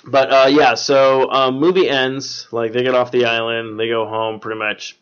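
A man hosts a casual podcast, recapping a film in a loose, rambling way. He leans on fillers and swears freely, and his voice sits in an ordinary middle pitch. The recording is dull and lo-fi. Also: level tone, moderate pace, hardly any pauses, a bit bright, clean tone. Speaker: podcast host. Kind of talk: casual movie recap chat.

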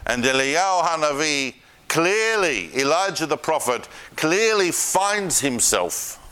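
Man, Bible teacher, lively storytelling lecture, chatty asides, bright voice. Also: fairly high pitch, slow, clean tone. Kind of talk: lively lecture to a live class.

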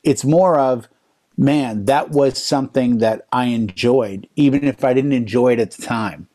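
A man in his fifties, a DJ, telling a string of stories in a relaxed chat. His pitch sits in a middle range, and he gets animated as he acts out what other people said. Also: a little slow. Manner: animated storyteller, voices other people's lines in quotes. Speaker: DJ and podcast co-host. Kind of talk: casual chat.

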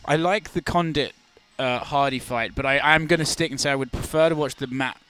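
A man's voice: medium pitch, fairly quick, fairly bright tone, faint music behind. A man, a podcast guest, chatting frankly about fights, swearing casually and restarting his sentences. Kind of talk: casual sports chat.

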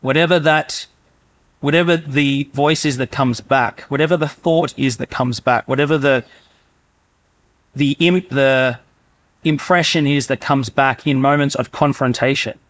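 A man's voice: mid-range voice, steady tone, a little slow, fairly bright tone. A man preaching a sermon in a conversational way, sometimes acting out inner voices. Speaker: pastor.

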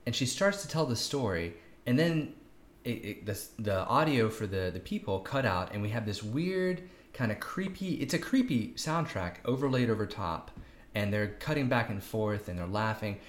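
Animated co-host in a roomy space. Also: medium pitch, normal speed. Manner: animated, jokey asides, acts out quotes. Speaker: podcast co-host. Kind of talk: casual chat reviewing a film. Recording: roomy echo.

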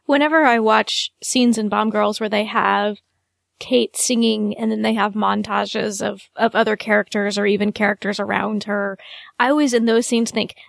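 Woman with a gravelly, fairly high voice, earnest podcast chat, dry close mic. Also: fairly even intonation, moderate pace, no echo. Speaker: podcast co-host. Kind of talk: casual chat.

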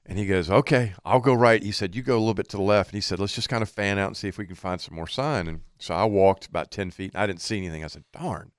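A man's voice: on the low side, fast talker, hardly any pauses, no room sound, clean studio sound. A man telling a hunting story in casual chat, acting out what he and his buddy said. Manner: animated storyteller, quotes himself and others.

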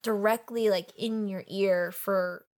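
Chatty woman talking books, says like a lot, mid pitch, dry close sound. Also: fairly even intonation, darkish tone, dry recording. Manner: chatty, quick, lots of "like" and "yeah". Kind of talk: casual book discussion.

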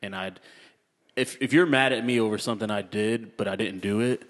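A man co-hosting a casual podcast, laid-back and quick to agree with "yeah" and "yep". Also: fairly low pitch, a bit bright, big-room sound. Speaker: podcast co-host. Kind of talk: casual chat.

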